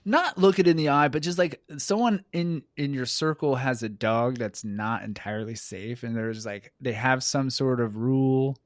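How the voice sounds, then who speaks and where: A man's voice: mid-range voice, moderate pace, few pauses, no room sound, clean studio sound. A man hosting a casual podcast, playfully tossing out offbeat questions. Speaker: podcast host. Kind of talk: casual chat.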